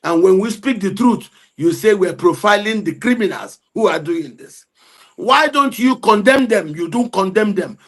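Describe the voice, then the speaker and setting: A man giving heated political commentary, forceful and repetitive as he argues. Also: sits high, lively intonation, normal speed.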